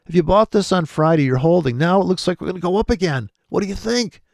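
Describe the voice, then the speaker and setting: A man's voice: high-pitched, quick pace, creaky, darkish tone, dry recording, studio quality. A man giving rambling, profane, sardonic commentary over trading charts, muttering asides and often laughing to himself. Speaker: trading video host.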